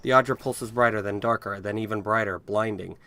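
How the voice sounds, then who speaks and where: A man's voice: lowish voice, fairly even intonation, fairly quick, sharp tone. A man hosting a let's play, reading game text aloud with casual, wry asides. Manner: casual, wry asides between read passages.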